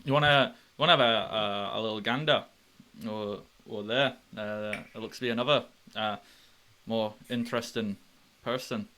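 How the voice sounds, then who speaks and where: A man's voice: lowish voice, steady tone, moderate pace, bright, forceful tone. A man playing a tabletop game, talking hesitantly with stammers and restarts. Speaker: player.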